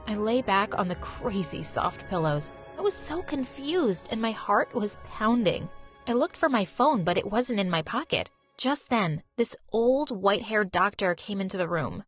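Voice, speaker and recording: A young woman from Turkey narrating an animated personal story in a lively, expressive, conversational way. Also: medium pitch, normal speed, slightly rough, faint music behind.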